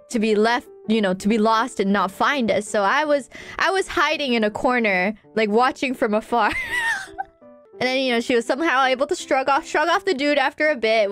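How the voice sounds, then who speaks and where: A woman streamer chatting casually, telling a rambling, giggly story with many restarts. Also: fairly high pitch.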